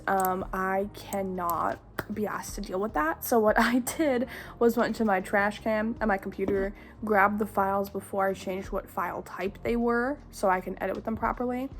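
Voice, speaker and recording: A young woman vlogging her day in a casual, rambling, self-deprecating way. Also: mid-range voice. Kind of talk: casual vlog chat.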